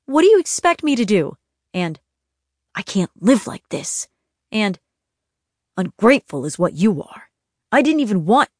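A woman narrating an audiobook in a gentle, even storytelling voice. Her pitch sits a little low for a woman. The recording is close and dry, with no room sound. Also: dry recording. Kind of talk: scripted narration.

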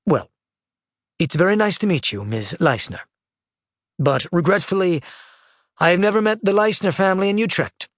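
A man's voice: high voice, animated, moderate pace, long pauses, no echo, studio quality, voice pushed up. A man doing a kindly, chatty old grandfather.

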